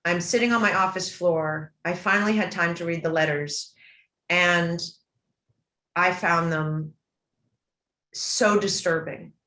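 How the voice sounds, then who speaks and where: A woman's voice: lowish voice, takes it slowly, long pauses, bright, forceful tone. A middle-aged woman recounts a family story as an interview guest, her voice emotional and earnest. She stumbles and restarts often. The sound carries a roomy echo from an event hall. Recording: roomy, echoey room.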